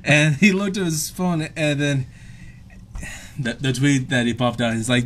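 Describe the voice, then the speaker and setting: A man's voice: on the high side, unhurried, fairly bright tone, a little hiss or hum. A young man telling a story in a casual chat, laughing between phrases.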